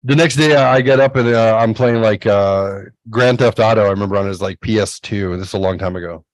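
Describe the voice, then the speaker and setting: A man in his forties, a podcast host, telling stories in a casual, animated way. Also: brisk, dry recording, low-quality recording. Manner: animated storyteller, acts out quoted voices in a higher pitch. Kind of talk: casual storytelling chat.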